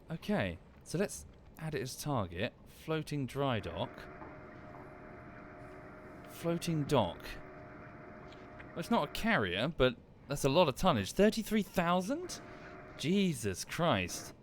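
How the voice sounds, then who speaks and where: Male gaming streamer at home, casual talk-through, lively swooping pitch, mutters and corrects himself. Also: a little slow, slight background noise. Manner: thinks aloud, muttering asides and self-corrections. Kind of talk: casual live-stream commentary.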